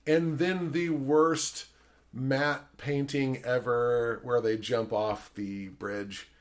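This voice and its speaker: A man's voice: mid-range voice, fairly even intonation, takes it slowly. A man hosting a podcast in casual chat, rambling with lots of fillers and frequent swearing. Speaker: podcast host.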